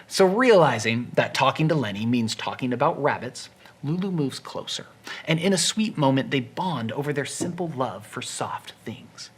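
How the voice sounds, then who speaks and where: A literature explainer giving a casual book summary with wry, chatty asides, dropping to a hushed tone for dark scenes. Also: mid-range voice, animated, moderate pace, slightly rough.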